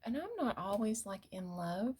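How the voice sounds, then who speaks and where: A middle-aged woman talking casually through her makeup routine, often dropping to a soft whisper. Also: medium pitch, expressive, moderate pace, husky. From United States. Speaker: beauty vlogger. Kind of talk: casual get-ready-with-me makeup talk.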